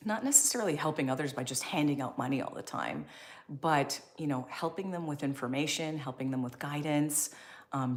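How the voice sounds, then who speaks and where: A woman hosting a live stream, reading viewer comments and chatting in an upbeat, encouraging way. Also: sits low. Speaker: livestream host.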